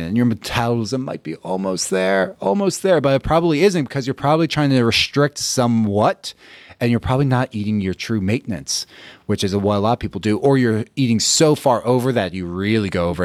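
Low-voiced guy ranting bluntly abt diets, swears a lot, dry close sound. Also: dry recording. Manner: blunt, profane, acts out listeners' reactions. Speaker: podcast host, fitness coach. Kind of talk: casual solo podcast monologue.

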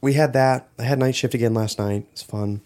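A man's voice: mid-range voice, fairly quick. A young man co-hosting a podcast, rambling through stories in casual chat and acting out quoted lines. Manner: rambling storyteller, animated quoting. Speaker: podcast co-host.

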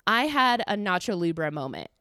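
A young woman from the United States chats on her solo podcast, telling a story in an animated, self-mocking way and swearing casually. Her voice sits at a middle pitch. The recording is dry and close, with no room sound. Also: normal speed, no echo. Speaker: podcast host.

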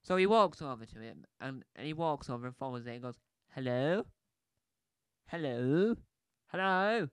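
A man's voice: medium pitch, lively intonation, fast, hardly any pauses, fairly bright tone, clear, resonant tone, no room sound. A man giving a casual, rambling film review on a podcast, chatty, with many restarts and asides.

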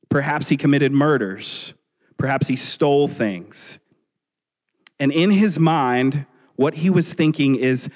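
Slow-preaching pastor in a reverberant hall. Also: male voice, medium pitch, darkish tone. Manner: slow, earnest preaching with rhetorical questions. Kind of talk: sermon. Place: church sanctuary. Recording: long reverb of a large hall.

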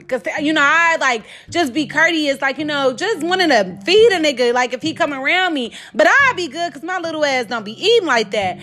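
A woman telling a dating story in a casual, animated, profane way, often checking in with the listener. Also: high voice, normal speed, hardly any pauses, faint music behind. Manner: animated, profane, keeps asking "you get what I'm saying".

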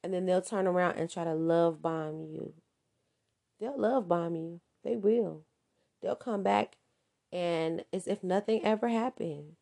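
A woman's voice: on the low side, unhurried, vocal fry, warm tone. A woman giving a casual advice monologue, emphatic and repeating her points for stress.

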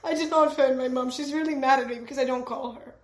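High-voiced young woman, echoey room. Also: fairly even intonation, fast. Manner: laughs often, swears, trails off. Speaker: podcast co-host. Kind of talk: casual chat.

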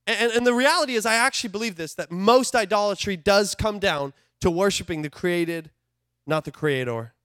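A male preacher's high, light, smooth voice moves a little fast through a lively, conversational sermon. Excited loud stretches give way to hushed asides, and the sound is close and dry with hardly any room reverb.

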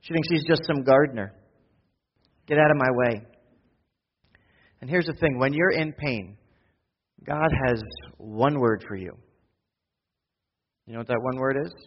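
A man with a husky voice preaches to his congregation, rising to quick, urgent bursts and then dropping into slow, hushed intimacy. The sound is dull and lo-fi, with a long reverb from a large church hall. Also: medium pitch. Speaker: pastor. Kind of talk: sermon.

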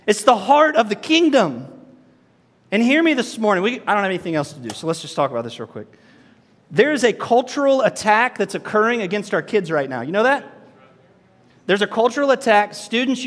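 A man in his thirties preaching a sermon as pastor, swinging from quiet, intense passages to near-shouting emphasis. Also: high-pitched. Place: large church hall. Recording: hall reverb.

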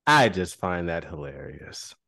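Man, podcast co-host, lowish voice, lively swings, laid-back and wry, dry sound. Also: measured pace, creaky, dry recording. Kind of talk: casual chat.

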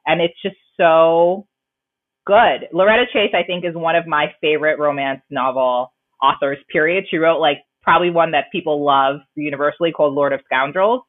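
A woman's voice: low voice, normal speed, no room sound. A woman co-hosting a podcast, chatting casually with lots of fillers and frequent laughter. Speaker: podcast co-host. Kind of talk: casual chat. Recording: tinny phone-like line.

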